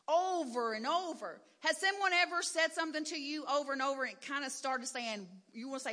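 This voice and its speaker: Woman preaching her testimony, high bright voice, big echoey church hall, candid and emphatic. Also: expressive, fast. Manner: candid, emphatic, rising to loud declarations. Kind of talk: sermon testimony. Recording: long hall reverb.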